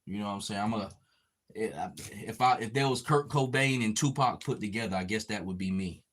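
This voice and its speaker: A man with a fairly bright voice on the low side talks a little fast. He's the host of a relaxed podcast, cursing often and reading chat comments while he paints a figure.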